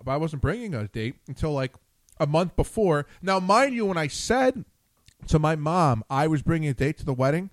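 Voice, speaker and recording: A man's voice: a little high, darkish tone, dry recording. A man hosting a chat show, telling a long story with lots of swearing and acted-out quotes. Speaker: show host. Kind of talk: casual chat.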